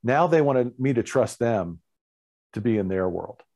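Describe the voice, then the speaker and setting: A man who is a guest musician, telling an animated story in a casual interview and acting out other people's lines. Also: mid-range voice, a little slow.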